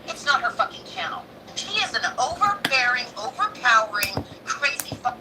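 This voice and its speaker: A woman's voice: fairly high pitch, sing-song, normal speed. A woman ranting heatedly and profanely on a livestream, in a clip played back from a distance with background noise. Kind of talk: angry livestream rant.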